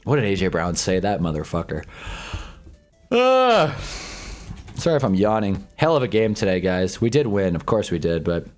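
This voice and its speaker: A young man streaming live, chatting casually with viewers and swearing often as he swings between loud rants and low grumbling. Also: big pitch swings, normal speed, pauses often, faint music behind. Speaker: sports streamer. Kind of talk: casual livestream chat reading fan comments.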